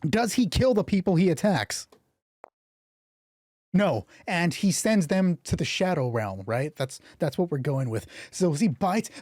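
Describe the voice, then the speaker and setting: Excitable husky-voiced man running a solo game. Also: high-pitched, no echo, clean studio sound. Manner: excitable, swears freely. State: voice getting hoarse. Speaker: game master. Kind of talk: narrating a solo tabletop game stream.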